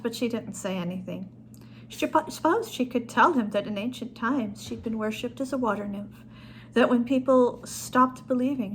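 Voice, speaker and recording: Woman author, reading her story aloud, calm storytelling, fairly high voice, faint hiss behind.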